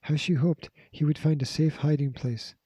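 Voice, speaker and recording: Dark-voiced man reading a storybook. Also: a little high, fairly even intonation, moderate pace, slightly rough, no room sound. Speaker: narrator. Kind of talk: audiobook narration.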